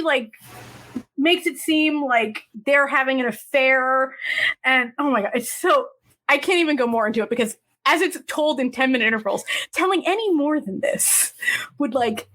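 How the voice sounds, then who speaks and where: A woman co-hosting a podcast, casually and animatedly retelling a drama plot. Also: high voice. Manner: animated storytelling, acting out characters' lines. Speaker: podcast co-host. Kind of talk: casual chat.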